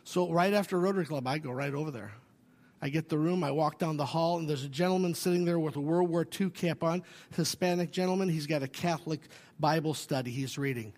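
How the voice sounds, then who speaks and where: A man's voice: fairly high pitch, a little fast. Storytelling man preaching in a reverberant hall. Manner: animated storyteller, swings from loud to hushed. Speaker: pastor. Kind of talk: sermon with storytelling.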